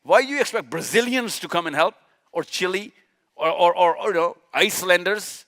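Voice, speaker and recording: Here a high-pitched, fairly bright male voice speaks at a normal speed. The speaker, a man from Pakistan at a live session, lectures on religion with passion, posing rhetorical questions and driving points home by repeating them.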